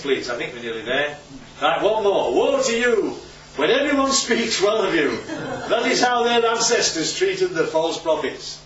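A man's voice: on the high side, a bit bright, reverberant, slight background noise. Man, preacher, chatty Bible talk, checks in with listeners, distant mic, dull recording. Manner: conversational, checks in with listeners often.

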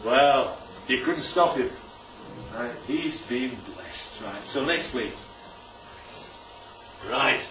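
A man preaching a sermon, animated and emphatic, often checking in with "right?". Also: mid-range voice, very slow, pauses often, noisy background. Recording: echoey room, distant mic, dull sound.

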